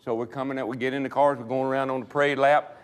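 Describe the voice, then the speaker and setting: A man's voice: medium pitch, little pitch movement, clean tone. An older man, a retired stock car driver, telling racing stories casually and laughing through them. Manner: fast-talking, laughing through anecdotes. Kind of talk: casual storytelling.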